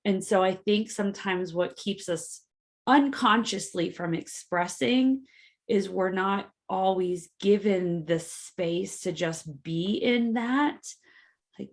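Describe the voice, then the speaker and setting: A woman co-hosting a reflective podcast talk, her slow, low-pitched voice carrying a gravelly fry. She chooses her words with care, filling pauses with soft fillers, and sounds close to tears. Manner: thoughtful, searching for words with many fillers. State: emotional, near tears. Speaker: podcast co-host. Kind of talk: reflective casual conversation.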